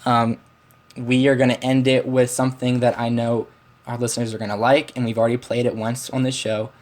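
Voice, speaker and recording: A man's voice: medium pitch, little pitch movement, a little fast, a little mellow. A teenage man hosting a casual podcast, rambling with lots of restarts and fillers. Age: teens. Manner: rambling, many restarts and "like"s, laughs easily. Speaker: podcast host. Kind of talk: casual chat.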